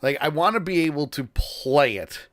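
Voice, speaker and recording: A man's voice: fairly high pitch, expressive, moderate pace, a bit bright. A man hosting a live-streamed talk show, chatting casually, laughing often and trailing off while he looks things up. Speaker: podcast host.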